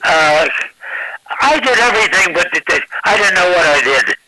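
A man, a comedian guest on a radio interview, talking in halting bursts and repeating words as he searches for them. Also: high voice, animated, bright, forceful tone, poor audio.

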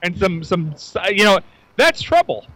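A man co-hosting local radio in easy on-air chat. His voice sits high and bright, bouncing up and down as he talks. The sound is close and dry, with little room around it. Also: big pitch swings, moderate pace, no room sound, poor audio. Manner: chatty, lists details eagerly. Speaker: radio co-host. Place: outdoors at a county fair.

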